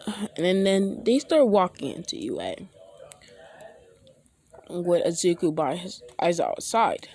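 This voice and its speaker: A young man casually retelling a fan story, rambling with many halting restarts. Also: high-pitched, sing-song, vocal fry, a little mellow.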